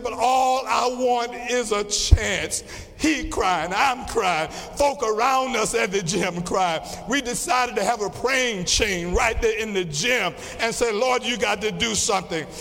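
A man preaching a sermon as pastor, with a rhythmic delivery that swings from quiet passages to shouts. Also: very high voice, creaky. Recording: long reverb of a large hall.

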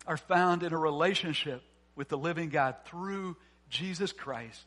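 High-voiced pastor preaching with rising fervor. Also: male voice, measured pace. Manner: earnest preaching with rising emphatic builds and soft drops; asks the congregation questions and answers them. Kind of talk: sermon.

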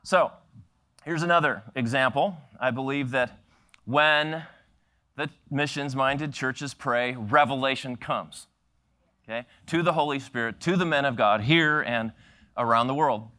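A middle-aged man preaching a sermon through a long personal story. His tone is bright and forceful, and he slips into little acted-out voices for the people he quotes, chuckling as he goes. The pitch sits in a middle register. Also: a little slow. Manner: animated storyteller acting out quoted voices, laughing often. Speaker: pastor.

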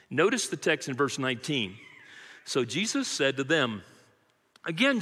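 A man's voice: a little high, sharp tone, in a large hall. A man preaching a sermon as pastor, emphatic and rhythmic, calling out to his congregation in a church sanctuary.

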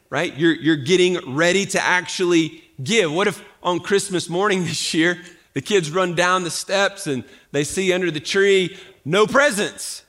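A pastor with a fairly high, slightly bright voice preaches a sermon conversationally. He poses rhetorical questions and keeps restarting his sentences.

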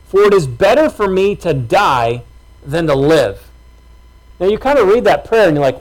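A man's voice: high voice, a little slow, poor audio. A man preaching a sermon in a casual, conversational way, acting out everyday reactions. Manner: conversational, animated, acts out reactions. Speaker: pastor.

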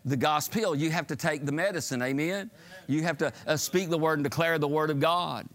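A man's voice: on the high side, fairly quick. A man preaching a fervent sermon, asking the congregation for call-and-response amens. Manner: fervent, shouting climaxes, call-and-response asides.

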